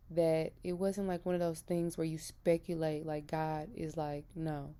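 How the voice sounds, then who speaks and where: Slow, earnest woman giving testimony. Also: deep voice, flat delivery, warm tone, clear, resonant tone. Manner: earnest and emphatic, retelling with feeling. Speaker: christian vlogger. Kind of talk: personal testimony.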